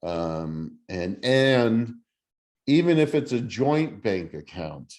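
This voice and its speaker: Middle-aged male instructor, slow and low-voiced, casual and halting with frequent fillers. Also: sing-song, darkish tone. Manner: halting, many fillers and restarts. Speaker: real estate class instructor. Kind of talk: casual teaching over video call.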